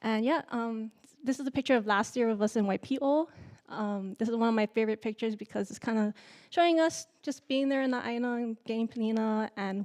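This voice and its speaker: A young woman from Hawaii, giving a nervous, halting student presentation full of fillers. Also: on the high side. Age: young adult. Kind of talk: symposium presentation.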